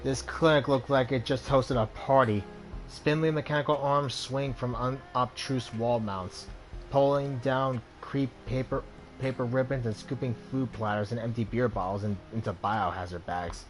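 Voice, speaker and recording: A man's voice: medium pitch, moderate pace, faint music behind. Man casually reading game text aloud. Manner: relaxed, reads text aloud with small slips. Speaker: let's play host.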